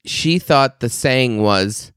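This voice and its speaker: Animated crude storyteller man, dry mic. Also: slow, smooth, no room sound. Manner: animated, laughing, crude, mimics shrill yelling. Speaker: podcast co-host. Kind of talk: casual storytelling chat.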